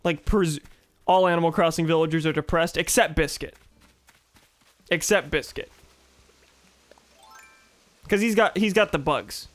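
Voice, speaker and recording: A man's voice: fairly high pitch, measured pace, pauses often, fairly bright tone, no echo, faint music behind. A young man with a sore throat, casually joking and swearing while streaming a game. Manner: joking, swears, reads game dialogue aloud. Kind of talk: casual gaming commentary.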